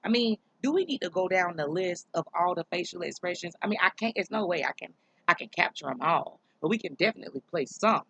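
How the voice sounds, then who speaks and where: A woman's voice: lowish voice, expressive, fast talker, creaky, fairly bright tone, breathy edge, dry recording, low-quality recording. A woman hosting her own commentary vlog, talking straight to the viewer in a sassy, mocking way. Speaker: vlog host.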